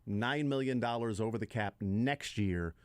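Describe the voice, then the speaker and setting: A man's voice: on the low side, normal speed, dry recording. A man hosting a casual sports talk radio show, rambling with restarts and trailing asides into a studio microphone.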